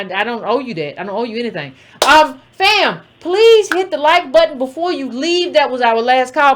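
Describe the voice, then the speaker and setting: A woman hosting a casual political talk show, speaking bluntly and calling her viewers "fam". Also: sits high. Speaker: political commentary host.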